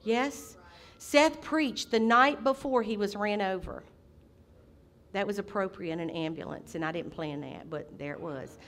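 A middle-aged woman preaching a sermon as senior pastor, impassioned, with sudden loud outbursts. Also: medium pitch, a little slow.

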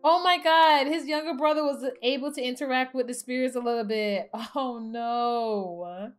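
A woman giving casual let's-play commentary, chatty and excitable, talking to her game characters as she plays. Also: high-pitched, normal speed. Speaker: gaming channel host.

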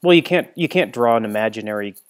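A man's voice: lowish voice, lively intonation, fast. A man hosting a casual interview, conversational and thinking aloud. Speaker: host.

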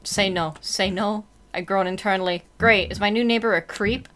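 A woman playing a horror game and commenting out loud, reading the text, swearing and reacting to scares. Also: medium pitch, fairly even intonation, normal speed. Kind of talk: let's-play commentary.

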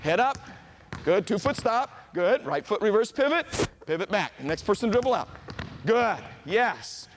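A middle-aged man coaching a youth basketball clinic in a gym, calling out short, brisk commands to the players. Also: high voice, sing-song, background noise. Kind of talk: coaching drills on court.

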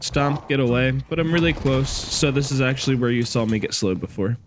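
A young man giving a relaxed, conversational voice-over guide to a video game boss fight. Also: mid-range voice, fairly quick, slight background noise. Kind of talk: casual gameplay guide voice-over.

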